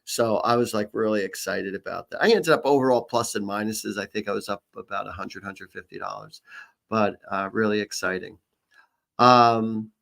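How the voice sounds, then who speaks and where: A man's voice: on the low side, creaky, a bit bright. Rambling, jokey middle-aged male psychic host. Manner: rambling storyteller, jokey, many restarts. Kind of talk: casual live-stream chat and horoscope reading.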